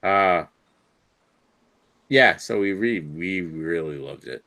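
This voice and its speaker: A man with a fairly low voice talks about beer in a loose, boozy chat with friends. He rambles, hesitates over his words and swears now and then. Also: lively intonation, takes it slowly, sharp tone. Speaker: beer reviewer co-host. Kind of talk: casual drinking chat.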